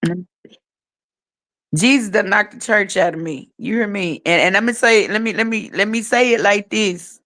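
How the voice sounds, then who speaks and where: A middle-aged woman co-hosting a laid-back podcast about faith. She talks frankly in a testifying, storytelling way, at a mid pitch for a woman. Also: moderate pace, a bit bright. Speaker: podcast co-host. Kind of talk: casual faith podcast chat.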